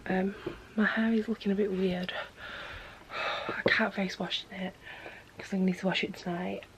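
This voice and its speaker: A young woman, chatting to camera in a vlog and retelling a story in a gossipy, animated way. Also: mid-range voice, moderate pace, noisy background. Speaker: vlogger.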